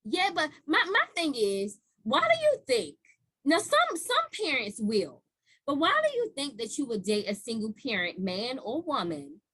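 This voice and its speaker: A woman hosting a podcast, a parent talking in a blunt, profane, animated way in casual chat. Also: high-pitched, unhurried, husky. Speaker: podcast host.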